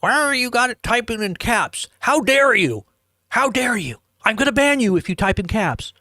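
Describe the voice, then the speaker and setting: A man's voice: extremely high pitch, sing-song, normal speed, bright, forceful tone, no echo, studio quality, pitched above the performer's own voice, full character voice. A man mocking a bossy, self-important online moderator in a scolding tone. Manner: haughty, scolding.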